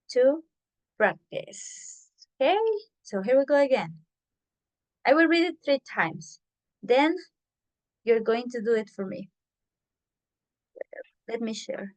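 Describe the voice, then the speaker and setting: A woman teaching English over a video call, speaking slowly and steadily in a fairly high voice. She explains things patiently and repeats herself so the class can follow.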